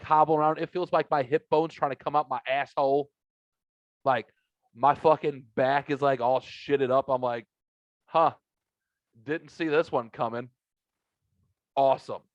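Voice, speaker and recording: A podcast host with a fairly high male voice, recorded dry with the highs cut off, chats casually in his home basement. He wanders through a profane anecdote, performing both sides of the conversations on his own.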